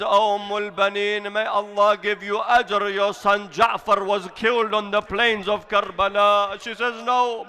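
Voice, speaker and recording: A man with a strikingly high, bright voice recounts a sorrowful story as a sermon. His pitch stays fairly flat and steady as he narrates, and his storytelling swells into impassioned cries. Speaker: religious speaker. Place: mosque hall.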